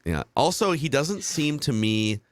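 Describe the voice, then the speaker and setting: A man's voice: mid-range voice, very animated, a little slow, no echo. A man in his thirties hosting a sports podcast, musing in casual talk and hedging his points with many restarts. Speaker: podcast host.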